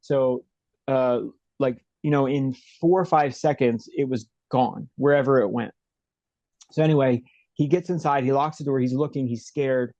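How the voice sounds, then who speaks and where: A man's voice: medium pitch, steady tone, moderate pace, warm tone, no echo, lo-fi sound. A man being interviewed from home over a video call, telling a story vividly and often checking in with "right?". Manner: vivid retelling, frequent "like" and "right?". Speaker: interview guest. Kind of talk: animated storytelling.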